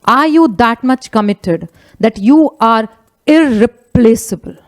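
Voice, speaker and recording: A middle-aged woman with an Indian English accent and a slightly high voice speaks slowly in a chatty motivational talk. A motivational speaker and business leader, she's animated and conversational, mixing in Hindi phrases.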